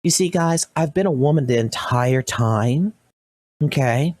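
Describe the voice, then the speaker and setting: Man putting on a coy high-voiced flirty woman. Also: animated, a little slow, darkish tone, no echo. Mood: flirty falsetto.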